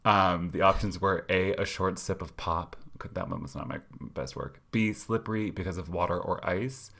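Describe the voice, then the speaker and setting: A man's voice: deep voice, moderate pace, creaky, a bit bright. A young man co-hosting a podcast, chatting casually with many fillers and restarts. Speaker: podcast co-host. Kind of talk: casual chat.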